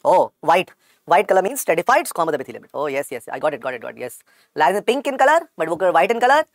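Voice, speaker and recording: A man's voice: on the high side, big pitch swings, quick pace, no echo, studio quality. A man with an Indian accent giving a medical exam-prep lecture, repeating every key point several times and calling his students "beta".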